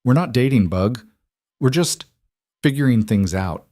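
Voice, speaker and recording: A man voicing a patient single father who speaks gently and a little wryly. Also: mid-range voice, expressive, measured pace, dry recording, clean studio sound, voice pushed up, lightly acted. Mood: gentle. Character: patient, wry single dad.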